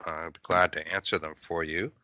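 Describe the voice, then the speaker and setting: A man's voice: low-pitched, fairly even intonation, fairly quick, pushed and bright, no echo. A man from Massachusetts hosting a paranormal podcast in casual chat, rambling with lots of fillers. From Massachusetts, USA. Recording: dull, lo-fi, dry.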